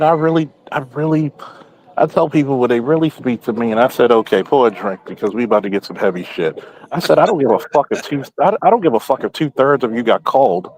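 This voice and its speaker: A man's voice: medium pitch, animated, brisk, darkish tone, rough recording. A man in casual podcast chat, telling blunt, profane stories and quoting himself often.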